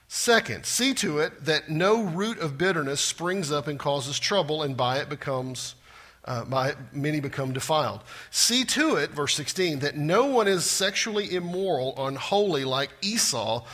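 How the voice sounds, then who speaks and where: Bright-voiced preacher man. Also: a little high, moderate pace. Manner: animated preaching, repeats for emphasis, swings from loud to hushed. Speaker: pastor. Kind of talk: sermon.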